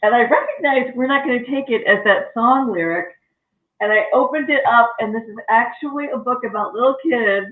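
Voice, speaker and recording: A woman's voice: fairly high pitch, normal speed. A middle-aged woman librarian hosting a casual chat, asking her guests questions in a chatty way. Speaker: librarian host. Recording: tinny phone-like audio in an echoey room.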